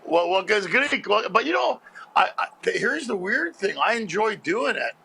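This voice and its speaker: A man from Montreal, a comedian guest, telling animated stories and laughing often as he goes. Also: high voice, normal speed, creaky, slightly rough, rough recording. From Montreal, Canada. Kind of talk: storytelling interview chat.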